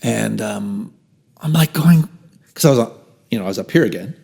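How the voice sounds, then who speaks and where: A man in his fifties, appearing as a podcast guest, tells a personal story animatedly, acting out quotes and dropping into whispered asides. His lowish voice is creaky with a breathy edge, at normal speed.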